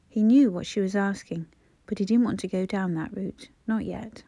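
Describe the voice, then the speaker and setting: Soft-spoken woman audiobook narrator. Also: medium pitch, moderate pace, dry recording. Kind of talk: scripted narration.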